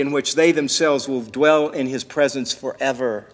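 A man's voice: medium pitch, steady tone, moderate pace, few pauses, big-room sound. A man preaching a sermon in an earnest way, his voice swelling and dropping in volume.

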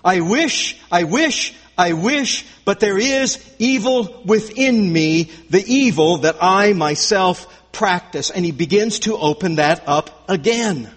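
A man's voice: sits high, lively intonation, slow pace, hardly any pauses, breathy edge, in a large hall. A man preaching a sermon verse by verse, emphatic and repeating his key phrases. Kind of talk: expository sermon.

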